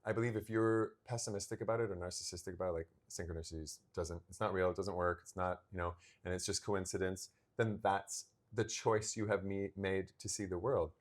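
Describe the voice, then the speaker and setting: A man in his thirties, co-hosting a casual podcast chat and telling a personal story, acting out the remembered dialogue with animated energy. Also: low-pitched, a little fast, few pauses. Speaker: podcast co-host.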